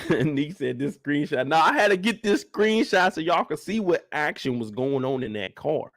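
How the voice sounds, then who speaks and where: A man hosting a live after-show stream, reacting to a TV episode in animated, joking, casual commentary aimed straight at his viewers. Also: on the high side, moderate pace, no echo, studio quality. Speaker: host reviewing a TV episode.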